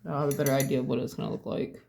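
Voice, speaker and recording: A person calmly talking through a painting tutorial step by step, thinking aloud and correcting their own words as they go. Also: mid-range voice, racing, gravelly, slight background noise. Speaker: painting instructor.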